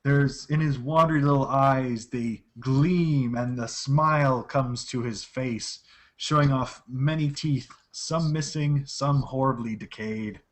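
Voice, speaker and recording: A man running a tabletop game as game master, describing scenes in a lively storytelling way. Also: medium pitch, slow pace.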